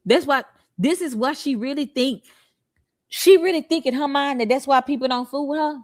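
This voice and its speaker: A woman hosting reaction commentary, animated and laughing, firing rhetorical questions at her viewers, with features. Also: sits high, moderate pace, dry recording, studio quality. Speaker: commentary channel host.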